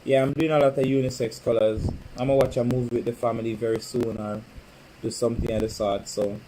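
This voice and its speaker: A man's voice: medium pitch, level tone, a little fast, noisy background. A man chatting casually on a home live stream, teasing and calling out to viewers by name. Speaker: livestream host. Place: home, indoors.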